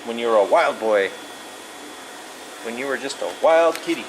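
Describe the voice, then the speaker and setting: Filming a feral cat indoors, a man with a mid-range voice speaks at a moderate pace in sing-song pet talk. Over and over he calls its name and asks it playful questions, while an air conditioner hums steadily.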